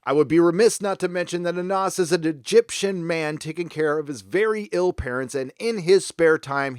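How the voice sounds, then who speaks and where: A man's voice: fairly high pitch, no room sound, studio quality. Sarcastic man hosting a commentary vlog. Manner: sarcastic asides, emphatic. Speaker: commentary channel host.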